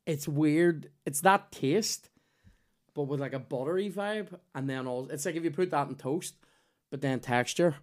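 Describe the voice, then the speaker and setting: A man, hosting a podcast and telling animated, sweary stories in casual chat. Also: on the high side, moderate pace. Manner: animated, sweary, acts out voices in his stories. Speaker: podcast host.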